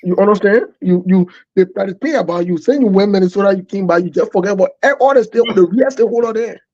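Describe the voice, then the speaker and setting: A man's voice: high-pitched, fast, a little mellow. A man joining a casual live stream, pressing his points insistently and repeating them. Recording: dull lo-fi call audio.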